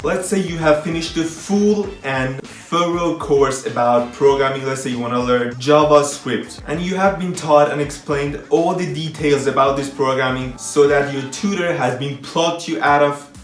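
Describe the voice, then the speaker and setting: A man's voice: fairly high pitch, steady tone, moderate pace, hardly any pauses. A young man hosting a casual programming video, joking at his own expense and acting out little skits as he talks to viewers. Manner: playful, self-mocking, acts out little skits. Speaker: programming tutorial YouTuber. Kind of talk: casual humorous vlog talk. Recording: echoey room with faint music.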